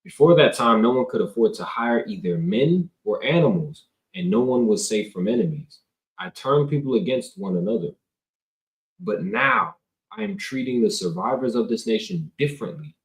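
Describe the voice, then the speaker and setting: Man preacher, casual street-talk teaching, lively pitch, roomy camera sound. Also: moderate pace, gravelly. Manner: conversational, slangy, reads scripture then riffs. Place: indoors, filming himself on camera. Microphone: camera mic. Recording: roomy echo.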